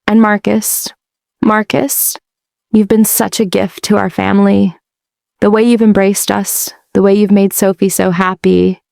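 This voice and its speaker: A woman's voice: medium pitch, little pitch movement, measured pace, vocal fry, darkish tone, no room sound, studio quality. A woman voicing a middle-aged mother of the bride, giving a sweet, tearful wedding speech. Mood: tender, sentimental.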